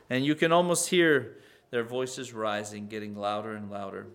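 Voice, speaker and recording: A man preaching, reading scripture aloud and then paraphrasing it in pointed questions, moving between loud emphasis and quiet explanation. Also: mid-range voice, moderate pace. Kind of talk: expository Bible teaching.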